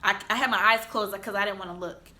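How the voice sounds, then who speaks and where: A young woman casually telling a dramatic personal story, animated and acting out voices and sounds. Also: medium pitch, quick pace. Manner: animated, acts out voices and sounds, laughs often. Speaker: guest telling her story.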